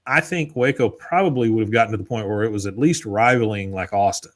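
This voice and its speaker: A man's voice: fairly low pitch, fast talker. A man, co-hosting a podcast and casually recapping a cartoon episode, acting out the characters' lines as he tells it. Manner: laid-back storyteller, acts out quoted lines. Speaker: podcast co-host.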